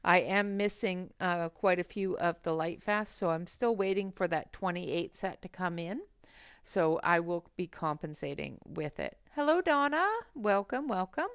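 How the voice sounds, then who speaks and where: Slow, gravelly-voiced woman hosting a livestream. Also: lowish voice, no room sound, studio quality. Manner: chatty, greets viewers by name between colouring steps. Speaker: colouring livestream host. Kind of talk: casual livestream chat while colouring. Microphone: headset.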